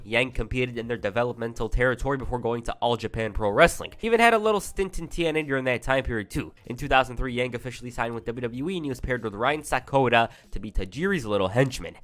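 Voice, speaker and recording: A man's voice: medium pitch, a bit bright. A young man narrating a casual recap video, chatty and full of offhand asides. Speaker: YouTube wrestling history narrator.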